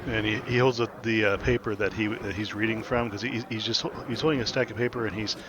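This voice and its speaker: Man game master, low voice, rambling narration, noisy line. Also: fairly even intonation, quick pace, dull audio. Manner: rambling, many restarts and ums.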